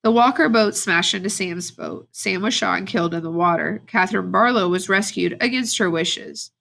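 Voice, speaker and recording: Brief: female teacher reading a novel aloud to students, steady, with a gravelly fry. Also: mid-range voice, normal speed. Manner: steady, plain read-aloud with brief asides to the class.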